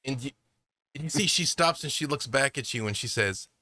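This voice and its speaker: Casting: male game master, lively pitch, bright forceful voice, dry close sound. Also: fairly quick, no echo. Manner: descriptive, animated narration with fillers. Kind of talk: narrating a tabletop game.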